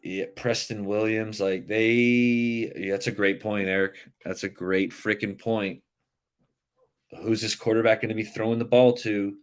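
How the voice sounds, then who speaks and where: A man with a fairly low voice hosts a casual live sports stream. He talks in a loose, rambling way and keeps turning to answer viewers' comments. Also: flat delivery, unhurried, clear, resonant tone. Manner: chatty, rambling, reacts to chat comments. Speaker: livestream sports show host.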